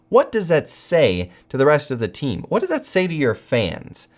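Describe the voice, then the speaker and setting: An American man hosting a football channel, giving solo commentary with animated, incredulous outbursts. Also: medium pitch.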